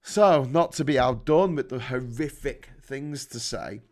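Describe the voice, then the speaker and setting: A man's voice: medium pitch, a little slow. A man from the North of England, ranting casually and sarcastically on a live stream, swearing a lot and rambling.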